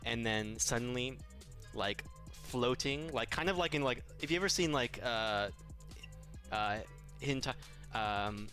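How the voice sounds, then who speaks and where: A man's voice: medium pitch, a little slow, pushed and bright, soft background music. A man narrating a tabletop game as game master, rambling with lots of fillers and frequent laughs.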